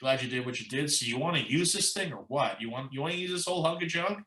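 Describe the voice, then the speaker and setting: A man tells a long story in a casual interview, acting out what others said and leaning on "like" and "you know". His voice is bright and forceful at a middle pitch. The sound is roomy, with an echo around him. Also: fast. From United States. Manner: animated anecdote-telling, quoting others, says "like" and "you know" a lot. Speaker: musician guest.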